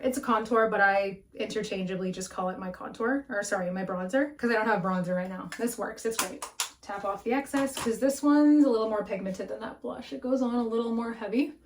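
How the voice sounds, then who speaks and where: A woman's voice: medium pitch, slight background noise. A young woman talks through her makeup routine in front of a mirror at home, frank and chatty, with swearing dropped in casually. Her breathing runs a little heavy, and the camera mic picks it up. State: breathing heavily. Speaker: beauty vlogger. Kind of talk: casual makeup tutorial chat.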